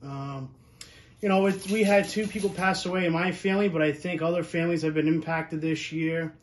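A man hosting his own show, telling family stories to the camera in a casual, earnest way that turns lively for the funny parts. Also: on the high side, brisk. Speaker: show host.

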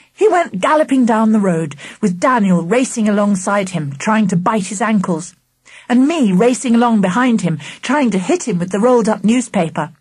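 A woman narrating a children's book in first person, with expressive storytelling. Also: mid-range voice, moderate pace, slightly rough, no echo. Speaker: audiobook narrator.

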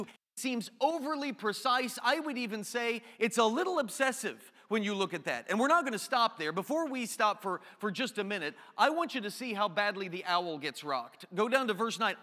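A man preaches a sermon in a church sanctuary, his voice high and bright. He reads scripture, then breaks into animated, joking asides. A long reverb hangs on every line. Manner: animated, jokey asides, shifts between reading scripture and quick chatter. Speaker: pastor.

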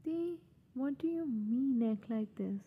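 A woman's voice: high-pitched, animated, slow, slightly rough, narrow, tinny audio, heavily acted. A woman voicing a sassy, defiant young man held captive in a fan audio drama.

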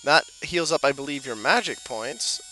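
Joking, swearing, and answering back to the characters on screen, a man gives loose let's play commentary in an expressive, mid-range voice that sounds pushed and bright. He keeps a moderate pace over soft background music in a low-quality recording.

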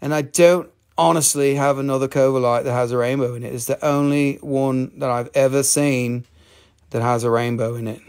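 A man hosting a live crystal sale, talking in an excitable, profane way with sudden jumps in pitch. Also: moderate pace. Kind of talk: excited live sales chat.

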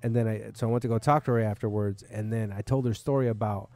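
A man's voice: fairly low pitch, steady tone, fast, dark tone. A man hosting a podcast in a bar, a comedian telling a long, rambling, profane story in casual chat.

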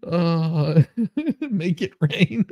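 A man's voice: fairly high pitch, gravelly, dry recording, dull audio. A man co-hosting a casual live stream, laughing constantly and reading viewer comments aloud. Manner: laughs constantly, giggly and amused. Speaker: livestream co-host reading chat.

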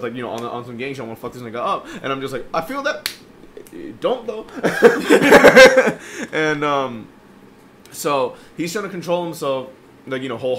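A man's voice: mid-range voice, fairly bright tone, a little hiss or hum. A young man co-hosting a podcast, telling a profane story in casual chat and acting out the people in it. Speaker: podcast co-host.

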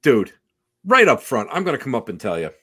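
A male podcast host talks in a loose, enthusiastic ramble that surges loud and then drops soft. His pitch is average for a man and jumps up when he gets excited. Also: a little fast, breathy edge. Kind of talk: casual interview.

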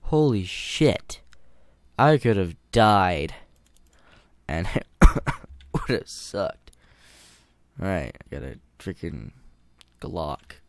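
A man in gameplay commentary who pleads, swears and laughs at his own panic, his voice leaping up and down. He talks at an unhurried pace. The sound is close and dry, with no room around it. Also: low voice, sing-song, no room sound. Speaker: gamer.

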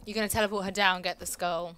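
Bright, teasing woman. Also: medium pitch, steady tone, quick pace, slight background noise. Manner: dry, teasing remarks. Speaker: let's play co-host. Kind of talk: casual gameplay chat.

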